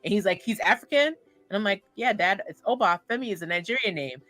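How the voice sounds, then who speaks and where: A woman hosting a podcast, talking in a casual, animated, rambling way with lots of fillers. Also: medium pitch, fast talker, no room sound. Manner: animated, rambling, says "like" often. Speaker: podcast host.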